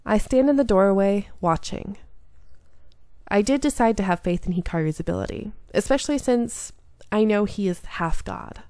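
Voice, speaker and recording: A woman reading a story game aloud in an earnest, invested way. Her mid-range voice has a gravelly fry to it. The sound is dry and close. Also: medium pitch, expressive, normal speed, dark tone, no echo. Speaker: game streamer.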